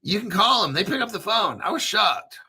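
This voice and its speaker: A man hosting a crypto show in a casual livestream rant, profane and brash, often clearing his throat. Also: high voice, big pitch swings, normal speed, pushed and bright.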